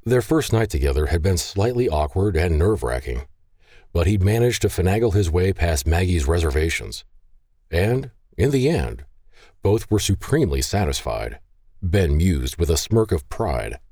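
Deep-voiced man narrating an audiobook. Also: moderate pace, no echo, studio quality. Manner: expressive, voices characters.

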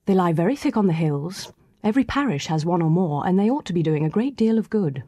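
A woman narrating a classic novel aloud in a measured, storytelling manner. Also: lowish voice, expressive, warm tone, breathy edge, no room sound, studio quality. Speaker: audiobook narrator. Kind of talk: scripted reading of a classic novel.

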